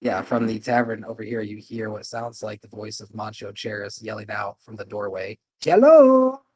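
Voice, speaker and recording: Man, game master, calm hesitant narration, low voice, dry. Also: moderate pace, breathy edge, dry recording.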